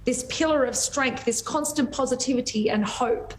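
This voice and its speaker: A woman with an Australian accent, emotionally raw, speaking in a halting, heartfelt way on a TV interview. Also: sits high, slight background noise, poor audio. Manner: halting, heartfelt, often restarts sentences. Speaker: guest singer.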